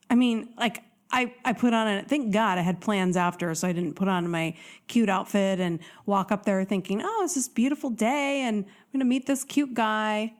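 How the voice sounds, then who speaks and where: Woman, dating-coach host, lively chatty monologue, mid-pitch. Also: normal speed. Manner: animated, acts out quoted voices. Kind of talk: casual motivational monologue.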